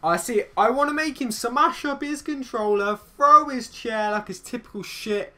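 A young man giving excitable, swearing commentary over his own football video game match, teasing his opponent. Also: high-pitched, moderate pace, few pauses. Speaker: gaming YouTuber. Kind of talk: live gameplay commentary.

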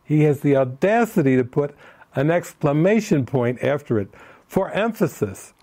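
A man's voice: fairly high pitch, sing-song, moderate pace, mellow. A man leading a spiritual retreat session in an informal way, answering participants' questions and telling stories in which he acts out the people he quotes.

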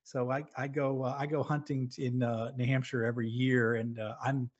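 A man's voice: mid-range voice, level tone, fairly quick. Earnest middle-aged man telling stories. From New England. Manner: earnest, storytelling, frequent restarts. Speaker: podcast guest, former submarine officer. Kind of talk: casual podcast interview. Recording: lo-fi dull audio.

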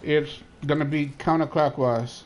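A man's voice: a little high, steady tone, measured pace, a little mellow. A man leading a raid on a live game stream, talking casually with mumbled asides as he plays. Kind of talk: casual gaming chat.

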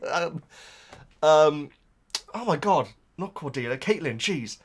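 A man's voice: a little high, animated, slow pace, pauses often, slightly rough. A man hosting a reaction channel, talking in a casual, emotional and rambling way with lots of restarts.

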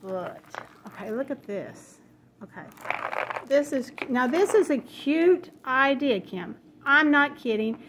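A woman's voice: high voice, animated, slow pace, noisy background. A woman, chatting at home as she opens happy mail, gushing and easily delighted. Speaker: crafting vlogger opening happy mail. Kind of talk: casual chat. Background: paper crinkling, dogs in the house.

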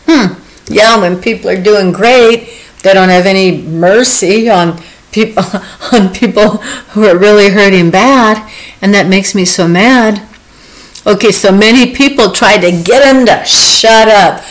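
A woman's voice: mid-range voice, measured pace, rough recording. An earnest woman giving an informal, emotional Bible teaching and chuckling now and then. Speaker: devotional speaker.

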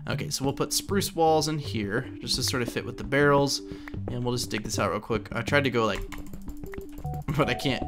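A man's voice: medium pitch, normal speed, over music. A young man from Oklahoma chatting casually while playing a building game, thinking aloud and correcting himself as he goes. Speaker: Minecraft let's play host. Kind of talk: casual gameplay commentary.

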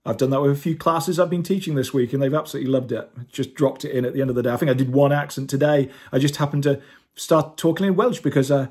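A man's voice: medium pitch, steady tone, racing, few pauses, a little mellow, breathy edge. A man who narrates audiobooks and teaches, talking casually and earnestly to his viewers in a rambling, self-deprecating rant.

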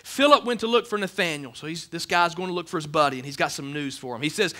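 Man, church pastor mid-sermon, high and bright voice, emphatic, swings loud to hushed. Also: quick pace, few pauses. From Alabama, USA. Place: church sanctuary with a congregation.

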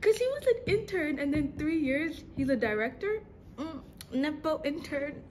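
A young woman casually reacting to a TV drama episode, excitable and slangy, laughing often. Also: sits high, normal speed, a little hiss or hum. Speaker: reaction video host.

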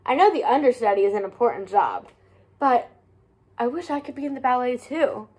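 A sweet, earnest young girl from a storybook, voiced by a woman reading aloud. Her voice sits a little high and stays gentle and sincere, the plain read-aloud kind rather than a big character voice. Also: animated, fairly quick, slightly rough. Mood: wistful.

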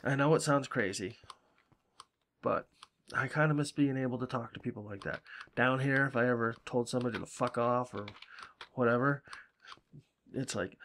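A man's voice: mid-range voice, moderate pace, long pauses, fairly bright tone. A man from Salem, chatting casually and swearing freely while commenting on his game. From Salem, Massachusetts. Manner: rambling, profane, chatty. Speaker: gaming channel host.

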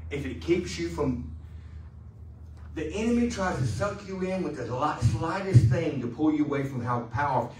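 A male pastor preaching a sermon in a loose, conversational way, joking and pausing for the congregation to answer. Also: fairly high pitch, lively intonation, darkish tone, roomy sound, far from the mic, slight background noise, poor audio. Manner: conversational, joking, with call-and-response. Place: church sanctuary.

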